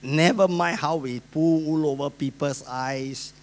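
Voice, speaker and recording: A male pastor with a Singaporean English accent preaching a sermon, swinging between loud emphasis and soft asides, acting out the voices of people he quotes. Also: on the high side, measured pace.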